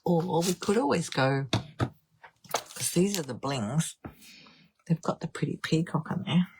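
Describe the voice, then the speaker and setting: A woman's voice: low voice, slow pace, background noise. A woman demonstrating card making on a live stream, chatting and thinking aloud as she decides. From Australia. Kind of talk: live crafting stream chat.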